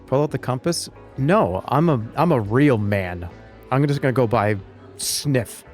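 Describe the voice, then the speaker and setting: A man's voice: mid-range voice, lively intonation, unhurried, faint music behind. A man chatting casually with his viewers while playing a game, wry and rambling. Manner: wry, rambling, talks to chat. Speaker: streamer. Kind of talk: casual live-stream gameplay chat.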